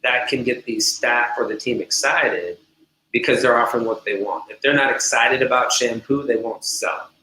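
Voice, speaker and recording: A man's voice: medium pitch, moderate pace, sharp tone. A man who runs a salon, talking business in an enthusiastic, conversational way on a remote call. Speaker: salon owner and co-host. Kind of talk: casual business talk. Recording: echoey room with faint hum.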